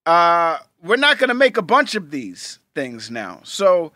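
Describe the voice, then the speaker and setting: A man's voice: fairly high pitch, huge pitch swings, measured pace, bright, forceful tone. A man co-hosting a podcast, talking casually with laid-back slang and repeating phrases for emphasis. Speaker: podcast co-host. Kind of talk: casual chat.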